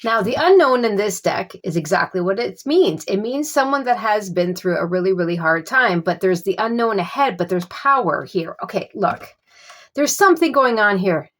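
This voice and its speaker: A woman giving a casual tarot reading. She gropes for words with many fillers and keeps offering calm reassurance. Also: medium pitch, moderate pace. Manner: reassuring, repeats soothing phrases. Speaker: tarot reader.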